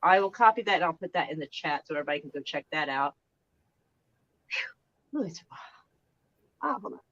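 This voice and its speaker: A woman's voice: low-pitched, expressive, fairly quick, fairly bright tone. Woman live-streamer from Oklahoma, casual and rambling, slightly dull mic. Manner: rambling, frank, trails off and restarts.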